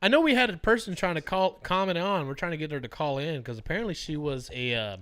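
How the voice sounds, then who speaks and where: Young male podcast co-host, rowdy storyteller, slightly high voice. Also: fast, clean tone. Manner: animated storytelling, swearing, laughing often. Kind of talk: casual podcast banter.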